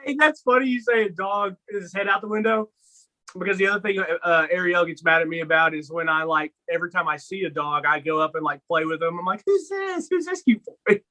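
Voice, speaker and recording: A young man co-hosting a casual sports podcast, telling stories in an animated way and acting out his own lines. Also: a little high, fast talker, low-quality recording. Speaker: podcast co-host.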